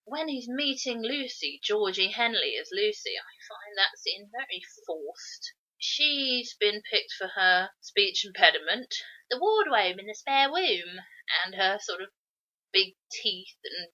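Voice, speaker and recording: A woman with a forceful, bright, tense voice, picking apart a film in relaxed podcast chat. She sounds opinionated and critical. The audio is a bit dull and lo-fi. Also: mid-range voice, a little slow. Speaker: podcast co-host. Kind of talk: casual film review chat.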